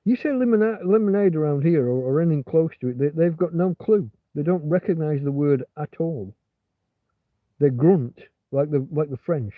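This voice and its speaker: A man's voice: on the high side, moderate pace, dry recording. A man hosting a rambling, casual livestream chat, meandering with many restarts and fillers. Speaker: livestream host. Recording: tinny phone-like sound.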